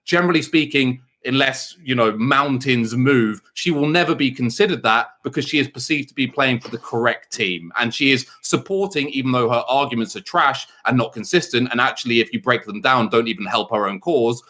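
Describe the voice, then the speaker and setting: A man's voice: medium pitch, brisk, few pauses, bright, forceful tone. A man talking as a guest in a casual chat, blunt and heated, with frequent asides. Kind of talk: casual conversation.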